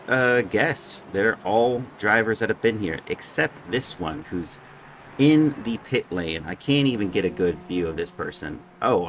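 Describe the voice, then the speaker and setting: Man, race commentator, joking and chatty, deep voice, steady hum in the background. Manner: joking, chatty, stumbles over names. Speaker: sim racing commentator. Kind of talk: casual live race commentary.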